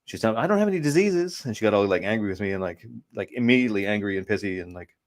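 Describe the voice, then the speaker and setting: A man's voice: fairly low pitch, fairly even intonation, rapid-fire. A man chatting casually on a livestream, telling rambling, profane stories and reading out chat messages. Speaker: livestream co-host. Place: lived in Vancouver.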